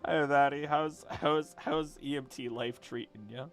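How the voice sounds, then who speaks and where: A man's voice: fairly high pitch, steady tone, measured pace. A man streaming as he draws, chatting casually, muttering to himself and swearing now and then. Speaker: streamer and voice actor. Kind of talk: casual livestream chat while drawing.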